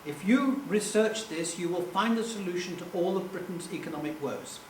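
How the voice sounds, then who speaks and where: A man's voice: high voice, expressive, very fast, sharp tone. A man voicing a very posh upper-class English caller, polite and clipped in manner. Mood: polite urgent. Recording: echoey hall, distant mic, faint hum.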